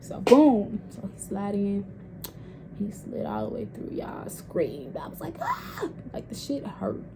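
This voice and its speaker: A woman's voice: medium pitch, big pitch swings, measured pace, creaky, very noisy. A young woman telling a personal story in a casual vlog, candid and profane. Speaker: vlogger.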